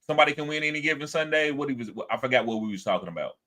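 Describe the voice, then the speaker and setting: A man hosting a casual sports talk show, animated, acting out quotes in a higher voice and reading chat comments aloud. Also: very fast. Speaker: podcast host.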